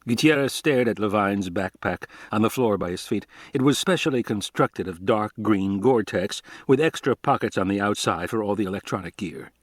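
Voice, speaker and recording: A man narrating an audiobook in a steady, measured reading voice, recorded close to the mic. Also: fairly low pitch, dry recording. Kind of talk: scripted narration.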